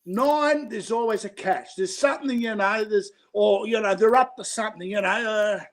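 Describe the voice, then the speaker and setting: A man chatting on a casual livestream, emphatic and quick to interject. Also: high-pitched.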